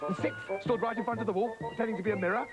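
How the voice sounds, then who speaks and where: A man's voice: high voice, fairly even intonation, rapid-fire, rough recording. A man telling a comic children's story, gleeful and anarchic. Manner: gleeful and anarchic, jumping between voices. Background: music.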